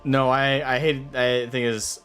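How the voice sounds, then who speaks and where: A man hosting a casual chat while painting miniatures, talking in a relaxed, chatty way with pauses. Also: mid-range voice, over loud music.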